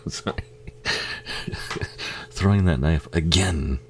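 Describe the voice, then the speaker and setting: A very deep, slightly mellow male voice with vocal fry comes through animated at normal speed, with a bit of background noise. He hosts casual film commentary, swearing often, laughing and firing jokes back at the screen.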